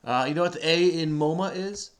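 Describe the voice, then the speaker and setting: Here the crossword host's voice runs on the high side at a fairly quick pace. He chats patiently with a child who types the answers, explaining each clue in a casual way as they solve.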